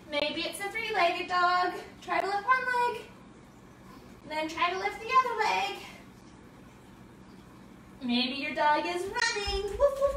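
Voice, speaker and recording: A woman's voice: very high voice, bright, forceful tone, reverberant, far from the mic, a little hiss or hum. A woman teaching a family yoga class for children, giving cheerful, encouraging instructions and making animal sounds.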